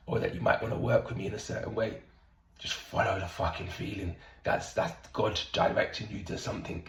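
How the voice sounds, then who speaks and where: A middle-aged man talking through a casual stream-of-consciousness monologue as a somatic coach, blunt and animated, swearing often. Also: lowish voice, gravelly, reverberant, rough recording.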